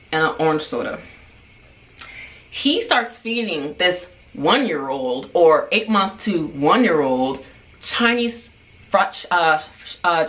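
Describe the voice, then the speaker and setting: A woman in her twenties telling a story in a vlog, animated and chatty, with a lot of "like.". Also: fairly low pitch. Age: 20s. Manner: animated, chatty, heavy use of "like". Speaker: hairstylist and vlogger. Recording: echoey room, far from mic.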